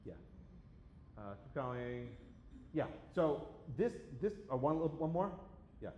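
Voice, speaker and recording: Middle-aged man, guest lecturer, animated and conversational, faint room ambience. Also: a little high, slow, lo-fi sound, slight background noise. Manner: lively, conversational, talks to the audience with frequent "right?". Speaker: law professor giving a guest lecture.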